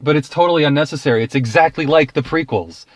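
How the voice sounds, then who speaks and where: A man's voice: on the high side, fast, dry recording. A man giving a casual, ranting film review, exasperated and profane, laughing often.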